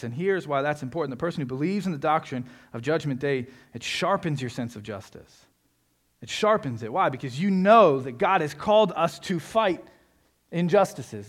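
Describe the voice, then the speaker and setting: A man preaching a sermon, moving between quiet reflection and loud, emphatic passages. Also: a little high. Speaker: pastor.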